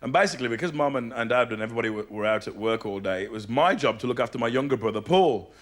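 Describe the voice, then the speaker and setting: A man's voice: mid-range voice, lively intonation, racing. A man in his thirties with a Birmingham accent, telling stories on stage in a live stand-up show, switching into character voices. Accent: Birmingham English. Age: 30s. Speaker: stand-up comedian. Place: large theatre stage. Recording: loud audience laughter over live stage mic.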